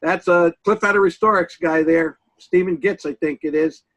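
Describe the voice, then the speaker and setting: An older man, a guest on an interview show, telling folksy stories from his early working days at an unhurried pace, with many pauses. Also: a little high, fairly even intonation, a bit bright, no echo, rough recording. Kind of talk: reminiscing interview talk.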